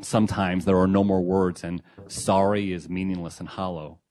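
A young adult man reading his own memoir essay in a reflective, measured, quietly emotional way. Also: deep voice, level tone. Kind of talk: first-person memoir reading.

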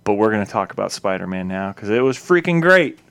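A podcast co-host chats casually with a smooth, clear voice of middle pitch. The delivery is dry and teasing, and now and then turns to speak straight to listeners. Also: very animated, a little fast, a bit bright. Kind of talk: casual chat.

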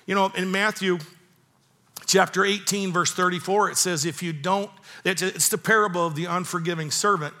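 A man's voice: high-pitched, moderate pace, sharp tone. A man in his fifties preaching a sermon, telling a personal story with earnest emphasis and repeating key phrases. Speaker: pastor.

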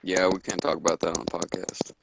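A man joining a podcast by phone as a guest, relaxed with brief replies. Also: low voice, fast talker, vocal fry, very noisy. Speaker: guest cyclist. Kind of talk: casual phone interview.

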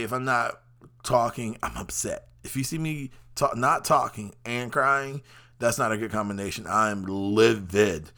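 A man's voice: medium pitch, pushed and bright. A man hosting a show, talking through a rambling personal monologue with lots of fillers. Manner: talkative, rambling, frequent fillers. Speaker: podcast host.

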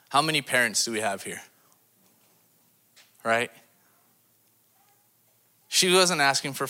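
A man preaching a sermon as a missions pastor to a congregation, asking them rhetorical questions and swinging his voice dramatically in pitch and loudness. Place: church service before a congregation.

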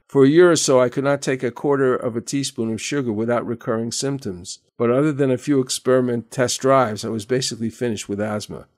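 An older man hosting a radio show, telling a personal story in measured, earnest narration. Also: mid-range voice. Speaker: radio host.

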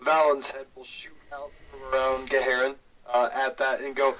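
Bright-voiced player, set back from mic. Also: male voice, medium pitch, flat delivery, normal speed, far from the mic, poor audio. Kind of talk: casual tabletop play.

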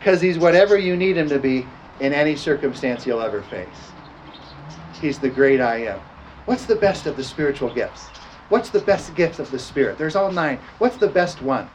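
A man's voice: on the high side, expressive, moderate pace, slight background noise, poor audio. A man preaching a sermon and leading communion prayer, drawing out scripture words and calling for responses. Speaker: pastor.

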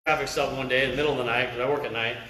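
A man's voice: medium pitch, fairly even intonation, racing, pushed and bright, a little hiss or hum. Conversational man preaching in an echoey hall. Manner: conversational, keeps asking "right?". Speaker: lay preacher. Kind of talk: sermon with personal stories. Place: camp meeting hall.

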